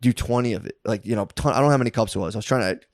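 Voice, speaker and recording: A man co-hosting a comedy podcast. He tells a rambling party story in a loose, animated way, says "dude" a lot, and breaks into loud bursts when he acts out what happened. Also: mid-range voice, racing, dry recording, clean studio sound. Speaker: podcast co-host.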